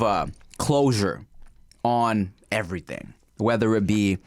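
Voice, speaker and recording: A man co-hosting a casual podcast, blunt and teasing as he tells stories. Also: medium pitch. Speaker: podcast co-host.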